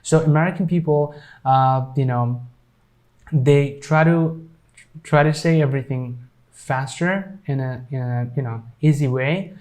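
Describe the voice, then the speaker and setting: A man teaching English pronunciation, spelling out words letter by letter with many pauses and fillers. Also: fairly high pitch, steady tone, a little mellow. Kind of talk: slow explanatory lesson.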